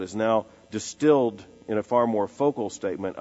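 A male preacher delivers an emphatic expository sermon, repeating key phrases and slowing to let them land. His voice carries a long reverb, as in a large hall, with a dull lo-fi quality and faint music underneath. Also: lowish voice, darkish tone.

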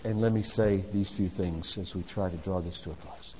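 A man preaching a sermon. He swings between loud urgent exhortation and hushed, low phrases. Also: fairly even intonation, moderate pace, slight background noise. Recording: dull reverberant hall recording.

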